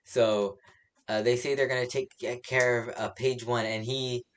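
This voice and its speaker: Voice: mid-range voice, level tone, normal speed. A reviewer casually recapping a comic chapter, rambling with many fillers and laughing at their own slips. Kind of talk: casual spoken recap and opinion.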